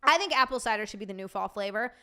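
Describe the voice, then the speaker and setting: A woman hosting a casual livestream, chatting with viewers and reacting to their comments in an animated, swearing, joking way. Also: mid-range voice, fast. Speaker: streamer host.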